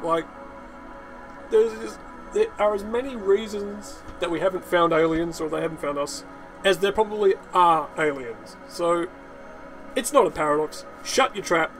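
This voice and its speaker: A man talks over his own gameplay in a loose, unedited ramble, swearing freely and drifting into rants. His voice sits a little high for a man. Faint music plays underneath. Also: measured pace, a bit bright. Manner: rambling, profane, ranting with laughs. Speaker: gaming channel host.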